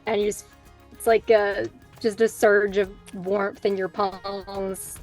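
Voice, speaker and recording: A woman describing her character's actions in a tabletop game, pausing and hesitating as she goes. She speaks slowly, in a mid-range voice. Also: medium pitch, flat delivery, darkish tone, faint music behind. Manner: slow, hesitant, with fillers. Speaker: player.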